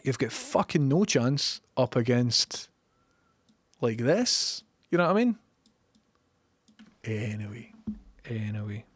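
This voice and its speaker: A man's voice: medium pitch, big pitch swings, slow, long pauses, no room sound, clean studio sound. A Glaswegian man chatting casually on a live stream, sweary and opinionated as he reads chat messages. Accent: Scottish, Glaswegian. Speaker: livestreamer.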